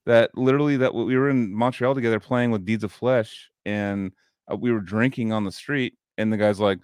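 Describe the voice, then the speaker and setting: A man's voice: on the low side, steady tone, brisk, clean tone, dry recording, studio quality. A man hosting a podcast, telling stories in a rambling, casual way with plenty of swearing. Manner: rambling storyteller, swears a lot. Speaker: podcast host. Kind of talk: casual chat.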